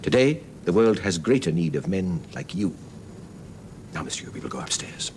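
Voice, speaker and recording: A man's voice: low voice, big pitch swings, moderate pace, a little mellow, a little hiss or hum. An older man playing a retired stage actor in a period TV drama, speaking in a grand, courtly, theatrical way.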